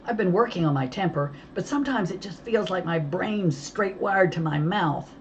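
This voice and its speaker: A woman's voice: lowish voice, lively intonation, normal speed, dull audio, a little hiss or hum, voice pushed up. Woman voicing a defiant hot-tempered little girl. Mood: sheepish. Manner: loud, snappy, defiant.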